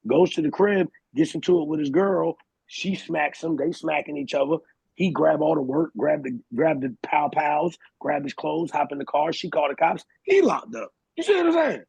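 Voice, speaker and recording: A man's voice: on the high side, normal speed, gravelly, breathy edge, dry recording, dull audio. A young man co-hosting a podcast, telling stories in a casual, slangy way and acting out the people in them. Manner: animated storyteller, slangy, acts out quotes. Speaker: podcast co-host. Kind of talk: casual storytelling chat.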